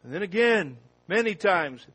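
A man preaching a sermon. He opens with a prayer, then reads scripture slowly and with rising force. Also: high-pitched, lively intonation, slightly rough, low-quality recording. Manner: slow and deliberate, rising loud when reading scripture.

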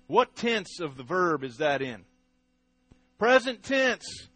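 A man's voice: mid-range voice, big pitch swings, takes it slowly, pauses often, pushed and bright, slightly rough, dry recording, soft background music. A man preaching a sermon, stressing single words, repeating himself and putting questions to the congregation. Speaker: pastor. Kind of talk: sermon teaching.

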